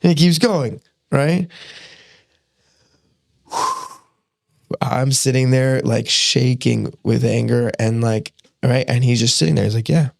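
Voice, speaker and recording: A young man, a podcast guest, telling a personal story in a casual, animated way, acting out quotes and laughing often. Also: medium pitch, a little slow, vocal fry, no room sound, studio quality. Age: young adult.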